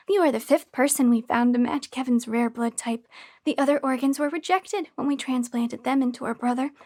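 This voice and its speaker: A woman's voice: high voice, a little mellow. Creepy sing-song female caretaker, sugary and motherly, read by a woman narrator. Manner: sing-song, chirpy, over-sweet. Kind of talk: audiobook horror reading.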